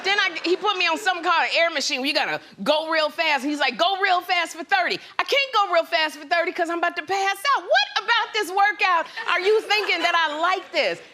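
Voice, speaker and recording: A woman guest-hosting a talk show, telling a comic story in an animated way and acting out the quotes herself. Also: extremely high pitch, quick pace, hardly any pauses, a little hiss or hum. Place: TV studio with live audience.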